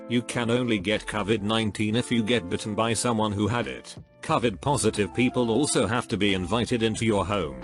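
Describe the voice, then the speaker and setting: A man reads online posts aloud as a scripted narration. His voice sits a little low, and his delivery is steady and even. Faint music plays beneath him. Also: brisk, hardly any pauses.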